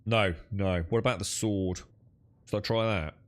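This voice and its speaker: A man's voice: on the low side, fairly even intonation, moderate pace. A young man chatting casually while playing a co-op game with friends, thinking aloud and laughing easily. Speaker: gamer streaming co-op play. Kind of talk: casual gaming chat.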